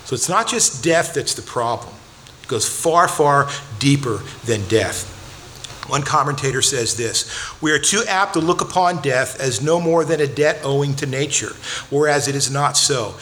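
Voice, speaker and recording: A man's voice: mid-range voice, lively intonation, normal speed, a bit bright, a little hiss or hum. Earnest man preaching a sermon. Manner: earnest, repeats words when stressing a point; talks directly to children in the congregation. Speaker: pastor.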